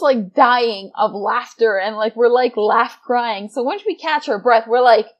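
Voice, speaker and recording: Animated young woman telling a story. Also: fairly high pitch, normal speed, hardly any pauses. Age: 20s. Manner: animated, swears casually, breaks into laughter. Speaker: gaming vlogger. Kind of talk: casual storytime narration.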